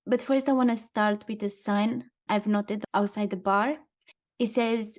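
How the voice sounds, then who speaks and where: Speaking at a normal speed in a voice on the high side and a little mellow, a podcast co-host talks thoughtfully through her reading. She reads aloud quotes and card lines in a casual chat partly drawn from notes.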